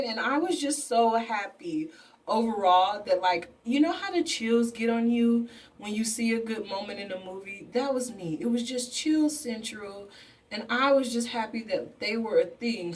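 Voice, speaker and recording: A woman vlogger recapping a movie while painting her face, chatty and animated, slipping into voices for the characters. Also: a little high, measured pace, recorded from a distance. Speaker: beauty and movie review vlogger.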